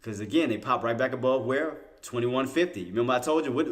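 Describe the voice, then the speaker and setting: A fast talker with a mid-range voice and few pauses, this man hosts a day-trading livestream, commenting live on the chart. He repeats phrases, restarts often, talks to himself, and pushes his points in excited, insistent bursts.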